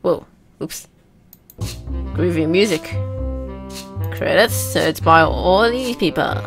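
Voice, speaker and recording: A young woman casually commenting while playing a video game, chatty and self-mocking, now and then letting out loud whoops. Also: on the low side, takes it slowly, music in the background. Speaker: let's play gamer.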